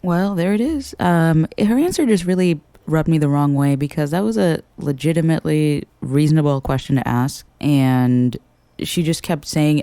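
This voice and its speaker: A sassy political commentary host speaks bluntly and swears casually. The voice is mellow and smooth, recorded close and dry with no room sound. The delivery is a relaxed, opinionated chat to the audience. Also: mid-range voice, moderate pace, no room sound.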